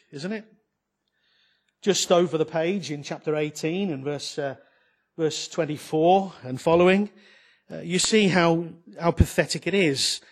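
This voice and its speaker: A man preaching a sermon, conversational and emphatic, with frequent rhetorical questions. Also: fairly high pitch.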